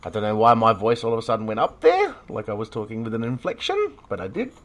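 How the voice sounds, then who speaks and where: A man's voice: on the low side, huge pitch swings, fast, fairly bright tone. An Australian man hosting a casual podcast chat, rambling with lots of fillers and frequent laughs. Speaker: podcast host.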